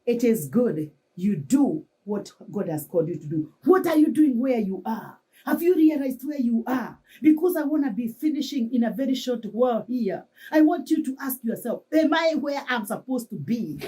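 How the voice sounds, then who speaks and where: A woman pastor with a Kenyan accent delivering a fervent sermon, switching between English and local languages and rising to shouts for emphasis. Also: a little high, breathy edge, recorded from a distance.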